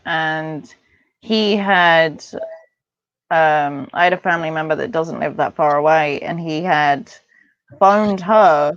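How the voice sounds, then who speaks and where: A chatty woman with a fairly low voice tells stories in a rambling, lively way. Her sound is dry and a bit dull, as if from a lo-fi line. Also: no room sound. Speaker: parent guest. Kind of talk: casual interview chat.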